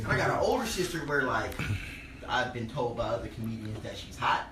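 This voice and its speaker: On a comedy venue stage, a man with a mid-range voice performs stand-up a little fast, telling animated stories, acting out other people's lines, and often laughing at his own punchlines. The live room is echoey, the mic is distant, and loud background noise includes audience laughter.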